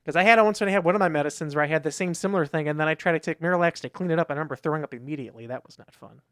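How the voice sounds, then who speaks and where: A podcast co-host tells a wandering story in relaxed conversation, constantly restarting and acting out quotes. His voice is fairly high and a bit bright, with a clear, resonant tone and rapid-fire delivery. The recording is dry, with clean studio sound.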